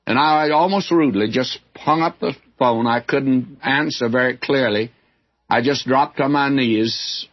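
Older male Bible teacher, mid-pitched, husky and earnest, folksy sermon, dull old recording. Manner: folksy, earnest, chuckling asides.

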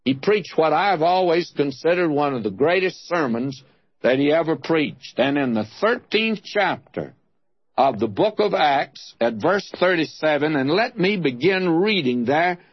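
Male preacher, deliberate Bible teaching, raised pitch, lo-fi dry recording. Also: husky, no room sound. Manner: slow, deliberate, stressing single words of scripture.

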